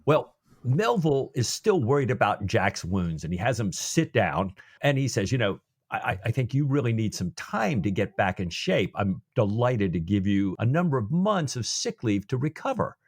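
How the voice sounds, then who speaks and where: Lively low-voiced man with a gravelly edge. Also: normal speed, no echo, studio quality. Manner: animated, acts out characters' lines. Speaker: podcast co-host. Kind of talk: casual book discussion.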